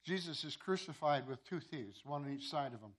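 A pastor telling a sermon story, with many repeated words and restarts. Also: male voice, a little high, expressive, brisk.

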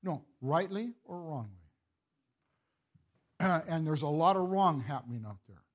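An older man giving a sermon in a halting, repeating way, chuckling at his own family stories. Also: fairly high pitch, lively intonation, dull audio. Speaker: preacher.

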